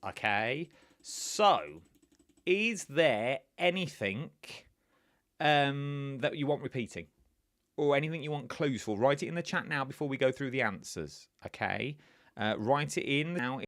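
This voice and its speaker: A man's voice: medium pitch, a bit bright, dry recording, studio quality. Chatty man hosting a live quiz. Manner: chatty and rambling, with many fillers and asides to viewers. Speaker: quiz host.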